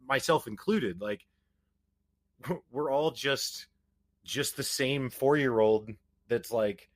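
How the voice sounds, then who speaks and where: A man's voice: mid-range voice, takes it slowly, no echo. A man hosting a podcast, talking casually in a hesitant, rambling way with many restarts. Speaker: podcast host. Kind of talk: casual conversation.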